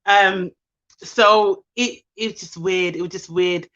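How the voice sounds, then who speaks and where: A woman's voice: mid-range voice, fairly even intonation, takes it slowly, a bit bright, dull audio. A woman hosting a live stream, talking candidly and from the heart to her viewers and reading out their comments. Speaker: livestream host. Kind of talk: casual live chat to viewers.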